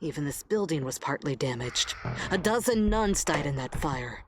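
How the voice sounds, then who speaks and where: An actress playing a worldly hotel maid who gossips knowingly to a new coworker in a video game. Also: female voice, deep voice, expressive, moderate pace, noisy background. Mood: gossipy. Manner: gossipy, knowing, drops to confiding tones.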